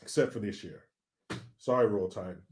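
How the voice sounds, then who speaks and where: A man's voice: lowish voice, moderate pace, darkish tone. A man from California hosting a casual livestream, reading out viewer comments in a joking, chatty, profane way and laughing along. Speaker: livestream host.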